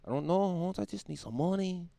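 A laid-back, broke day laborer drawls his plea for work in a Chicano accent, pitched noticeably higher than his everyday voice, as a man puts him on. The recording is dry and close. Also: animated, brisk, gravelly, warm tone, no room sound. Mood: pleading. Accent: Chicano English.

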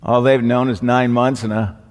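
A man preaching a sermon with slow, deliberate emphatic repetition. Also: mid-range voice, little pitch movement. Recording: long hall reverb.

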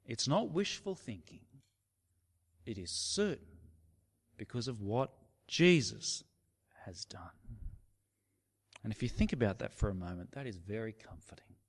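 A man preaching a sermon, slow and emphatic, sometimes dropping his voice to a near whisper for effect. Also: mid-range voice, big pitch swings. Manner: slow, emphatic preaching with dramatic drops to a hush. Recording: long reverb of a large hall.

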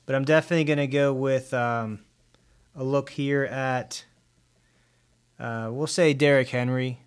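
Male podcast co-host, slow and hesitant picks. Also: medium pitch, steady tone, smooth. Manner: hesitant, drawn out. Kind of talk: casual sports betting chat.

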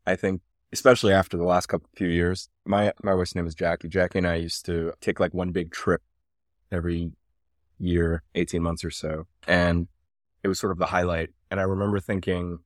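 A man's voice: low voice, flat delivery, brisk, no echo, studio quality. A man guesting on a podcast, telling a rambling, self-deprecating story over a remote call. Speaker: guest, company founder. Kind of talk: casual podcast interview.

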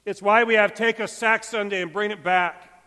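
Male pastor giving a sermon, highish voice, loud then soft, long churchy echo. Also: fairly even intonation, normal speed. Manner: emphatic, swings between loud and hushed. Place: church sanctuary. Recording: long church hall reverb.

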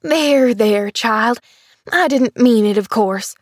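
A woman reading a storybook, voicing a kindly rustic housemaid who speaks in a brisk, motherly, homespun dialect. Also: high voice, fairly even intonation, no room sound, clean studio sound, pitched above the performer's own voice. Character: kindly rustic young housemaid, plain-spoken.

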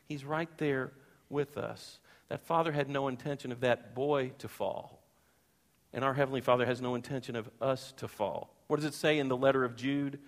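Male pastor, mid-pitched, earnest sermon storytelling, echoing church hall. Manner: earnest storytelling, repeats phrases for emphasis. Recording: long hall reverb.

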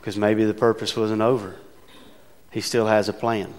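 A man's voice: fairly low pitch, level tone, moderate pace, darkish tone. A man preaching a sermon from the pulpit, talking conversationally and with emphasis, asking his congregation rhetorical questions. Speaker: pastor. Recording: long reverb of a large hall.

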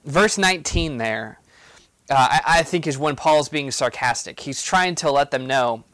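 A man's voice: mid-range voice, animated, normal speed, a bit bright, no echo. A man giving a casual, explanatory Bible teaching on a podcast, with frequent fillers and restarts. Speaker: campus ministry podcast teacher.

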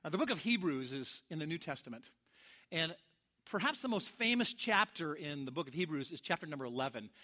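Male pastor, high bright voice, animated storytelling sermon, acts out quotes. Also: fairly quick.

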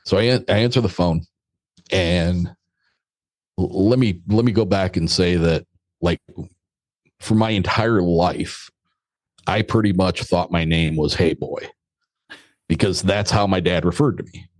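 A man's voice: sits low, unhurried, long pauses, no echo. A middle-aged American man, a podcast guest, telling a story in a casual, blunt and joking way, with some mild swearing.

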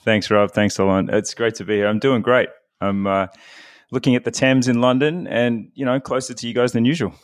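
A man's voice: mid-range voice, fairly even intonation, a little fast, no room sound, studio quality. A middle-aged man from Melbourne with an Australian accent, a podcast guest telling stories about himself in a chatty, self-deprecating way. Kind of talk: casual interview chat.

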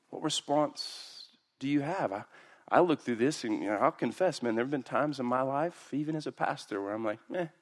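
Pastor guy preaching, swings way up high when he acts out people, mid pitch. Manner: animated, acts out quoted voices with big pitch jumps. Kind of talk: sermon.

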